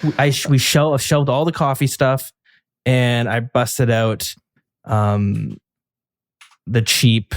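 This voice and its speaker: A man's voice: mid-range voice, flat delivery, takes it slowly, long pauses, no room sound. A man co-hosting a podcast in casual chat, rambling and restarting his sentences as he tells stories. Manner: rambling, chatty, frequent restarts and fillers. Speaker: podcast co-host.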